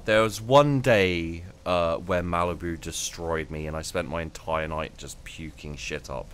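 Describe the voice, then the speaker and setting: A man's voice: low voice, measured pace, a bit bright, a little hiss or hum. A young man chatting casually while playing a game, rambling and stumbling over his words. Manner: rambling, hesitant, stammering restarts. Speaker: gaming streamer. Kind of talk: casual gaming chat.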